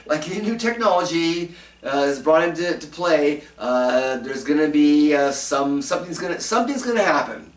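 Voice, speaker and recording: A man hosting a casual talk show rambles through commentary segments, full of fillers, restarts and chuckling asides. His fairly high voice is a little slow, and he sounds far from the mic in a roomy space.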